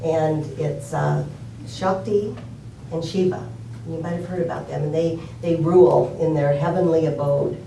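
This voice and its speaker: A woman's voice: low voice, fairly even intonation, unhurried, echoey room, far from the mic, background noise. Older woman telling an inspirational story. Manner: conversational with fillers, laughs, emphatic repetition. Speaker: speaker.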